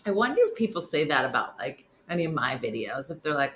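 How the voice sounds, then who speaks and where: A woman comedian chatting casually to viewers, retelling funny videos with lively put-on voices. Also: a little fast, slight background noise. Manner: animated, acts out funny videos in high squeaky voices. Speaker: comedian hosting a live morning stream. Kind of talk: casual chat reading comments.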